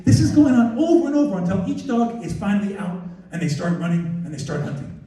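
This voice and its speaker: An excitable man with a high voice gives a lively presentation, bouncing between thoughts and interrupting himself. He sounds far from the mic, and his voice rings around a big echoey hall. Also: fast talker. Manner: excitable, animated, self-interrupting. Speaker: wildlife photographer giving a slide talk. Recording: distant echoey hall recording.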